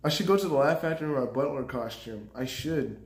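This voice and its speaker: A man's voice: mid-range voice, lively intonation, fairly quick. Chatty streamer man in an echoey room. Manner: rambling, laughs often, talks to chat. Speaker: streamer and stand-up comedian. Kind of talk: casual live-stream chat. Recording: roomy echo.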